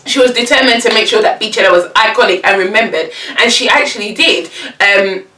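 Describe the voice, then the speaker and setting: A young woman talks in an animated, slangy vlog chat and breaks into laughter often. Her voice is bright and forward. She sits a little back from the mic in a room with noticeable echo. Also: medium pitch, brisk, recorded from a distance, slight background noise. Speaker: vlogger. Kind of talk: casual chat.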